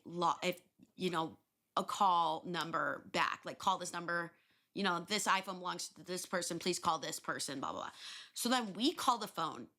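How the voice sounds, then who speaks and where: Bright-voiced young woman telling a story. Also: fairly low pitch. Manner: animated, swears freely, voices quoted people. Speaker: podcast host. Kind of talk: casual storytelling monologue.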